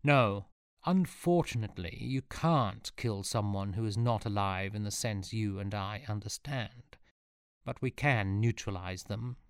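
A man voicing a sinister, gloating Roman trade leader in an audiobook reading, with a low voice. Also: unhurried, clean tone, no echo, clean studio sound. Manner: gloating, cruel laughter. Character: sneering sinister male Roman villain.

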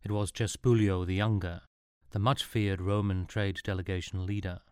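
A man's voice: low-pitched, level tone, moderate pace, darkish tone, smooth, no room sound. Dry-humored male storyteller. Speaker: audiobook narrator. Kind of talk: scripted comic narration.

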